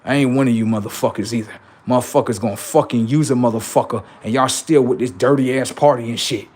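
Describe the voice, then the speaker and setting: A man's voice: mid-range voice, quick pace, a little mellow, husky. A man hosting a livestream, delivering a heated, profane and confrontational political rant that taunts his listeners. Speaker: livestream host.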